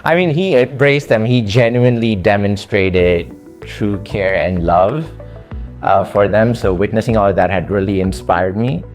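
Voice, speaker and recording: A man with an accent telling his story to a coach in an earnest, halting conversational way, with frequent fillers. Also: fairly low pitch, a little mellow, faint music behind. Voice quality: speaks with an accent. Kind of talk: casual conversation.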